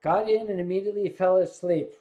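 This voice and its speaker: A man's voice: high-pitched, steady tone, a little fast, muffled recording. An older man, a vlog host, telling rambling anecdotes in casual storytelling style with asides to his viewers.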